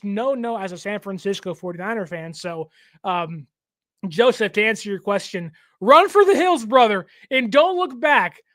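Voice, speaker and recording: A young man hosting a casual sports talk show, given to animated joking rants. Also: sits high, no echo, clean studio sound. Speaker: show host.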